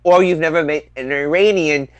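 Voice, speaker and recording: A man's voice: fairly high pitch, normal speed, clear, resonant tone, no room sound. A man hosting a podcast, moving from casual chat into emphatic political commentary and repeating his points for effect. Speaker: podcast host.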